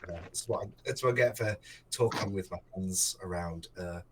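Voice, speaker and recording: A man's voice: deep voice, normal speed, noisy background. A man running a tabletop game as game master, narrating casually with many ums and restarts into a desk microphone.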